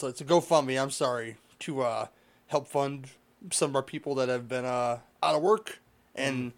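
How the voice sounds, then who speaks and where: Laid-back, blunt podcast guest man. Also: mid-range voice. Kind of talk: casual chat.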